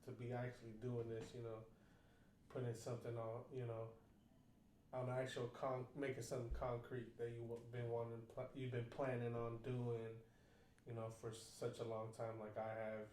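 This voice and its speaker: Male podcast co-host, earnest and halting, a bit off-mic in an echoey room with faint background hum. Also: medium pitch, completely flat delivery, darkish tone. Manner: halting, many restarts and fillers, earnest. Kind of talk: casual podcast chat. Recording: roomy, distant from mic, faint ambience.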